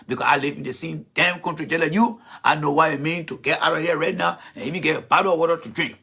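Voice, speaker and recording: A man's voice: on the high side, steady tone, quick pace, vocal fry, pushed and bright, husky. A man giving blunt, profane political talk in an online broadcast, repeating his points. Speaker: political commentator.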